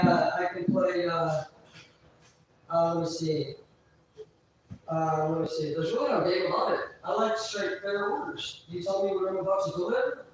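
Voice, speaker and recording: A woman's voice: mid-range voice, a little hiss or hum. A woman livestreaming, talking in a rambling, profane way that keeps trailing off and restarting. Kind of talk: rambling live-stream monologue. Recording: very echoey, voice far from mic.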